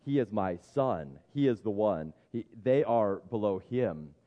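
A man voicing God the Father as a solemn, loving male voice, speaking slowly. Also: on the low side, animated, in a large hall, dull audio, pitched below the performer's own voice.

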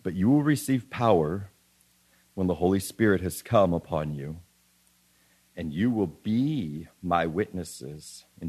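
A man's voice: low voice, darkish tone, husky. A man preaching a sermon in an earnest way, often restarting and repeating phrases as he reads scripture aloud.

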